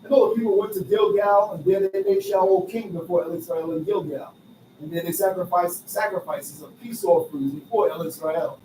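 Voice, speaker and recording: A man reading old-fashioned scripture verses aloud in a steady, formal way. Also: high-pitched, normal speed. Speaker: scripture reader. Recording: roomy echo, far from mic, faint noise.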